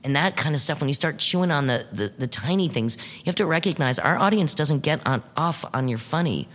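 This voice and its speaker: A man talking about improv in an interview, emphatic and animated, swearing freely. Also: on the high side, fairly quick. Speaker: improv performer and teacher. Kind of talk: casual interview talk. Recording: long reverb.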